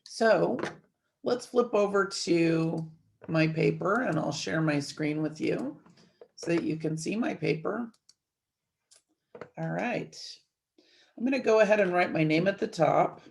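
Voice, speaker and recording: A woman's voice: on the low side, a little slow, pauses often, darkish tone. Woman teaching a step-by-step grammar lesson. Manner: clear step-by-step explaining to students. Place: at a desk, screen-sharing a worksheet.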